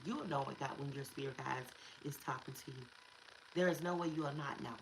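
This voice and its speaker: A woman's voice: very deep voice, a little fast, vocal fry, a little hiss or hum, poor audio. A woman giving a casual spiritual tarot reading, emphatic and repetitive, slipping into slang and curses. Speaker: tarot reader.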